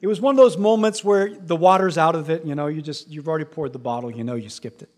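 Speaking fast, a pastor delivers a sermon that sinks to a hushed low voice and then climbs to loud, rising emphasis. Repeated phrases pile up for effect.

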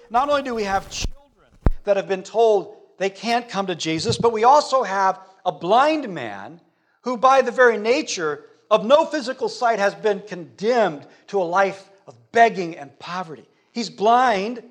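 Male preacher with a fairly high voice, dramatic delivery with big swings between loud and soft. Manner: dramatic, sweeping swings from loud to hushed, rhetorical questions. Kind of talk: sermon.

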